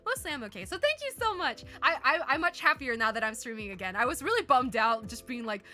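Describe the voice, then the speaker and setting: A woman's voice: high-pitched, very animated, fast, bright, forceful tone. A young woman streamer chatting casually, laughing often, her throat still a little scratchy. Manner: giggly, laughs often between lines. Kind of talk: casual live-stream chat.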